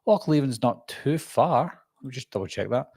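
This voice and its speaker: A man's voice: mid-range voice, expressive, moderate pace, darkish tone, husky, no echo. A middle-aged man with a Glaswegian Scottish accent, hosting a casual live-stream Q&A and chatting about viewer comments as he reads them. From Scotland. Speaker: host.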